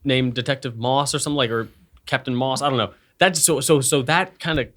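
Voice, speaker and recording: Brief: male co-host, mid-pitched, playful rambler, casual chat. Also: a little fast, a bit bright. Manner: playful, rambling, puts on silly voices for jokes. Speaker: podcast co-host.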